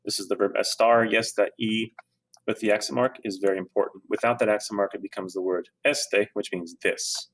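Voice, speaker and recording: A man talks through a screen-recorded grammar lesson. He sounds relaxed and conversational, dropping fillers and correcting himself as he goes. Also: fairly low pitch, a little fast. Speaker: Spanish teacher.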